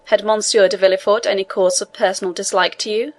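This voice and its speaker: A woman's voice: medium pitch, steady tone, quick pace, a little mellow, natural voice. A woman reading as a composed male inspector.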